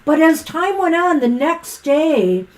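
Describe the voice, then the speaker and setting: A woman co-hosting a live tarot stream, chatting casually and giving rambling, gently encouraging card readings. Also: sits high, sing-song, takes it slowly, low-quality recording. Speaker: co-host and tarot reader.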